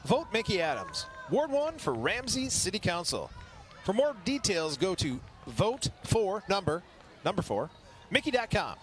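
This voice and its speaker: A man's voice: high voice, huge pitch swings, a little slow. A man co-hosting live local TV commentary of a street parade. He reads sponsor blurbs and banters upbeat with his partner.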